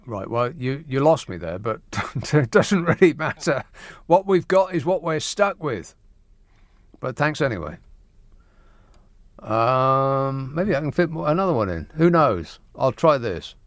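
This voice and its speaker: A man's voice: mid-range voice, very animated, a little slow, no echo. A man hosting a radio phone-in, joking in a dry, mock-serious way. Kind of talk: late-night radio banter. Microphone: studio microphone.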